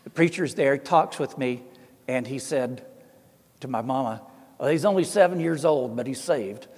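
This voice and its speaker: A man's voice: mid-range voice, moderate pace, a little mellow. A middle-aged man with an Appalachian Southern accent, an Orthodox priest telling folksy, self-deprecating stories and acting out the voices he quotes. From American South. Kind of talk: storytelling talk. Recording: long hall reverb.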